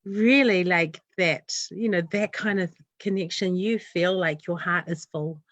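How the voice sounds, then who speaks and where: Earnest New woman, low voice. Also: measured pace, a bit bright, dry recording. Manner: earnest, heartfelt, rambling run-on thoughts. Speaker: community developer, guest. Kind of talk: casual interview chat.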